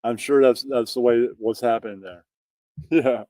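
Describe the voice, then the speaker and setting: A man's voice: medium pitch, a little slow, no room sound, studio quality. A man hosting a stream, ranting in crude, mocking comedy about a clip. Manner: mocking, profane, animated. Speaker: stream host reacting to clips.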